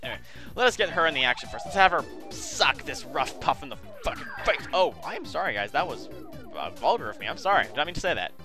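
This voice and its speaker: A man's voice: a little high, very animated, quick pace, over music. A man giving chatty video game commentary, often calling viewers his friends and apologizing for what he says. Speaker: let's play host.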